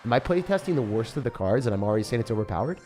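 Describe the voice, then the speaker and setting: A young man giving casual, excitable gameplay commentary, often breaking into disbelief and calling the listener dude or bro. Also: mid-range voice, very fast, faint music behind. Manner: excitable, frequent disbelief outbursts, calls viewers dude and bro. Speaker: gaming creator.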